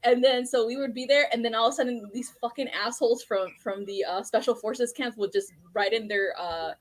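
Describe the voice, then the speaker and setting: A woman's voice: fairly high pitch, fairly quick. A woman guest in a casual podcast chat, telling stories animatedly, laughing a lot and swearing freely.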